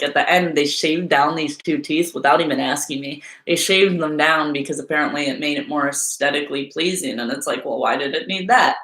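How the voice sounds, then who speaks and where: A woman's voice: low voice, a bit bright. A woman hosting a live Q&A stream, talking in a chatty, rambling way full of fillers. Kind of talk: casual live-stream chat. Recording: roomy echo.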